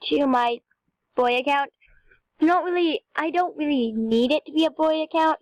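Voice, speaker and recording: A woman's voice: high-pitched, moderate pace, dry recording, poor audio. A young female gamer chatting to viewers in a rambling, casual way as she plays. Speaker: game video narrator. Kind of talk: casual gameplay commentary.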